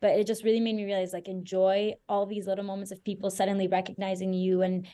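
A woman's voice: medium pitch, level tone, quick pace, warm tone. A young woman singer from Venezuela, a podcast guest giving advice in an earnest, reflective, rambling way with lots of "like". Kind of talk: casual interview chat.

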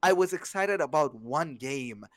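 A man's voice: on the high side, lively intonation, a little slow. A young man co-hosting a podcast, rambling hesitantly with lots of filler words in casual chat. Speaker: podcast co-host.

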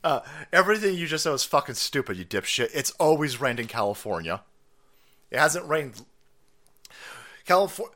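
Animated, foul-mouthed man ranting. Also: a little high, moderate pace, long pauses. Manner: swearing, sarcastic, laughing, mocking clips. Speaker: streamer host. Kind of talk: profane political rant stream. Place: California.

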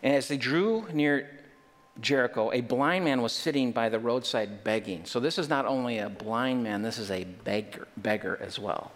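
A man's voice: medium pitch, moderate pace, slight background noise. A male pastor preaches with growing fervor. He tosses in wry jokes and leans hard into key points. His voice rings out through a large hall with a long, lingering reverb. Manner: emphatic, with joking asides and rising intensity. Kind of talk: sermon.

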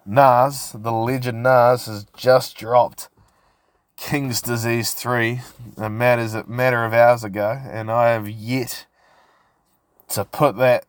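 A man's voice: mid-range voice, little pitch movement, takes it slowly, no echo. A man hosting a casual solo podcast, rambling and swearing as he tells stories. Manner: rambling, sweary, laid-back storytelling. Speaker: podcast host.

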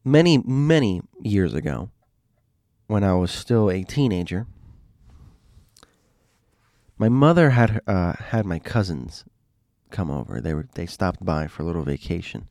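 Male storyteller, low voice, rambling and animated, dry close recording. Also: normal speed, vocal fry, no echo. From Miami. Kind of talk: casual storytelling monologue.

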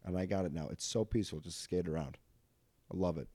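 Young male comedy podcast host, low and very mellow, loose self-deprecating ramble, many fillers. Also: quick pace, breathy edge, no echo. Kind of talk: casual podcast monologue.

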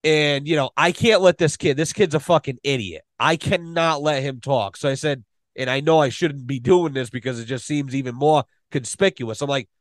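A man telling a long story on a podcast, animated and full of swearing. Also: a little high, normal speed, no room sound. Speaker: podcast guest. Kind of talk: casual storytelling.

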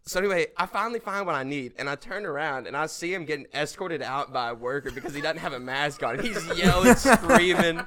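A young man, a podcast guest, telling a story in casual chat, animated and swearing, laughing as he goes. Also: on the high side, fast, few pauses, a little hiss or hum. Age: young adult.

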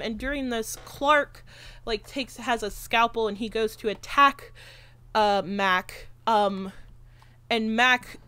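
A woman's voice: fairly high pitch, pushed and bright. Young woman rambling a movie recap. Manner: rambling recap, heavy filler words and swearing. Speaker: podcast co-host. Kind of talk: casual movie-discussion chat.

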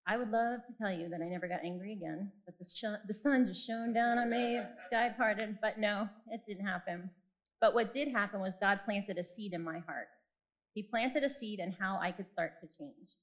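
A woman's voice: medium pitch, moderate pace, poor audio. A woman in her forties giving a personal faith talk, candid and self-deprecating as she tells stories from her own life. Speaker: speaker.

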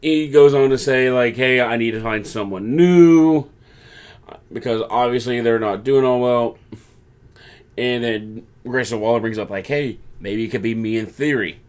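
A man's voice: medium pitch, fairly even intonation, a little mellow. Man casually recapping wrestling. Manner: recaps quickly, acts out wrestlers' lines in mocking voices. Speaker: podcast co-host.

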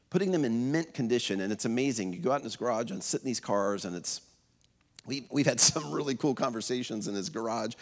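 A man in his fifties delivers a sermon in a church auditorium, with a fairly high voice for a man. He talks conversationally, tells stories, and often restarts his sentences. His voice carries a long reverb from the hall. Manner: conversational, storytelling with many fillers and restarts. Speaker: pastor.

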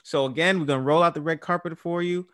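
A man's voice: a little high, steady tone, fast, a bit bright, no echo, studio quality. A man hosting a casual podcast, who repeats words for emphasis. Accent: New York. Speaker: podcast host.

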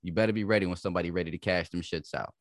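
A man's voice: low-pitched, rapid-fire, no echo, clean studio sound. A man co-hosting a casual podcast, speaking bluntly and profanely about his opinions. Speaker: podcast co-host.

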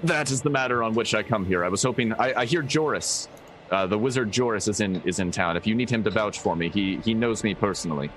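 A man's voice: lowish voice, fast talker, fairly bright tone, faint music behind, voice pushed up, natural voice. A man doing a courteous cleric adventurer. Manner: polite, formal.

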